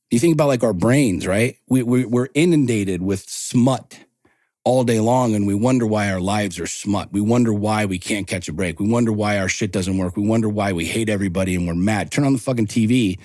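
A man in his forties talks bluntly and swears freely as a podcast guest, building his stories with rising passion. His voice sits fairly low, and the recording is dry and close, with almost no room sound. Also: fairly quick, a little mellow, no echo. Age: 40s. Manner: blunt, profane, impassioned storytelling. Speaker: podcast guest, men's coach. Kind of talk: casual interview talk.

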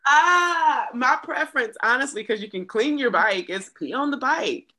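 Lively woman guest, bright voice that swoops up and down. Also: high-pitched, normal speed, a little hiss or hum. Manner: animated, laughs easily, swings loud to soft. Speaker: guest, triathlete. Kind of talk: casual interview.

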